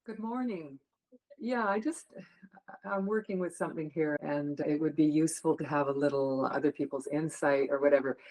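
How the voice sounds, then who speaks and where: A woman on a group video call sharing something personal, halting and restarting, with nervous laughs. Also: sits low, a little mellow, poor audio. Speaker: call participant.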